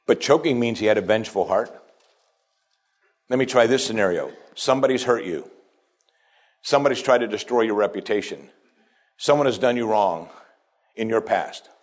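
A pastor preaching a sermon, dropping to quiet asides and then rising to strong, emphatic lines. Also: male voice, fairly low pitch, expressive, moderate pace, pauses often. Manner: preaching with wide swings between hushed asides and raised, emphatic lines.

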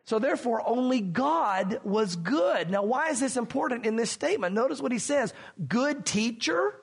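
A man's voice: very high-pitched, lively intonation, normal speed, vocal fry, husky. A man preaching a sermon as pastor, earnest and questioning, addressing his congregation directly.

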